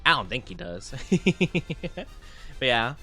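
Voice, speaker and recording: Chatty male game streamer, animated pitch, faint background music. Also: slow. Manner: lively, playful, chatty with viewers. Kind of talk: casual gaming stream chat.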